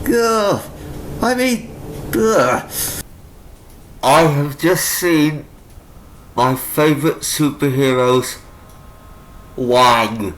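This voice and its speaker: A young man casually reviewing a comic book, animated and incredulous, with frequent exclamations. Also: on the high side, extremely slow, long pauses, low-quality recording.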